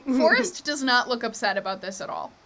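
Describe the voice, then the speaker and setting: A woman's voice: a little high, sing-song, fairly quick, a bit bright. A woman running a live tabletop game as game master, narrating in an easygoing way with frequent laughs and fillers.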